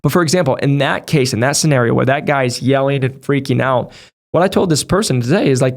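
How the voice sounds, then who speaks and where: A man coaching new sales reps in a brisk, direct way. He talks fast and stays conversational, speaking straight to his viewers at a medium pitch. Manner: direct, conversational, talks through past situations. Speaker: medical device sales trainer. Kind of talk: casual advice talk to viewers.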